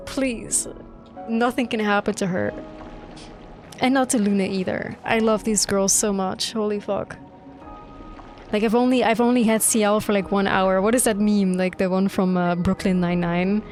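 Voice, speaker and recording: Excitable young woman streamer. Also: medium pitch, a little slow, long pauses. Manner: excitable, gushing, swears freely. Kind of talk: live gameplay reaction commentary. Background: faint game music.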